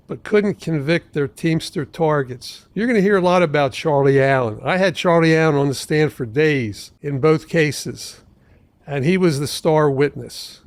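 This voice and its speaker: A man in his seventies, a trial lawyer hosting his own podcast, telling stories from his cases in a measured, deliberate way. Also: fairly high pitch, no room sound. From Philadelphia area. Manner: measured, deliberate storytelling with asides. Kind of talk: storytelling podcast monologue.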